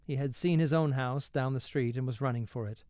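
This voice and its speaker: Male audiobook reader, even and expressive, dry close sound. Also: mid-range voice, brisk, no echo. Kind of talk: audiobook narration.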